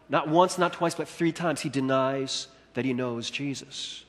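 Male pastor, high lively voice, sermon in a big echoing hall. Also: moderate pace, hardly any pauses. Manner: animated preaching, acting out quoted lines.

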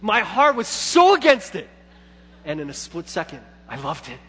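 A man in his thirties, a pastor, tells a story during his sermon in a high voice at a moderate pace. He swings lively between quiet reflection and loud, excited retellings of his own thoughts. A long church hall reverb and a faint hum fill the recording.

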